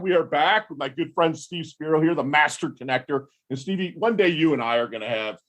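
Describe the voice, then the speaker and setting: A man's voice: a little high, brisk, hardly any pauses, a bit bright. A man from the American Midwest hosting a podcast interview, effusive and slangy, calling his guest dude and brother. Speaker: podcast host. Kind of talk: casual interview.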